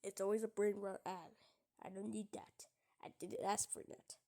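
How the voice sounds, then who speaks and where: A woman's voice: mid-range voice, little pitch movement, moderate pace, gravelly, dark tone. A young woman giving casual gameplay commentary, giggling and often dropping into half-whispered asides. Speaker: gamer.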